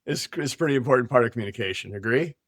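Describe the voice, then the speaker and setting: A man's voice: medium pitch, lively intonation, rapid-fire, fairly bright tone, dry recording, studio quality. A man hosting a business podcast, talking casually in long run-on sentences and joking with his guest. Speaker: podcast host.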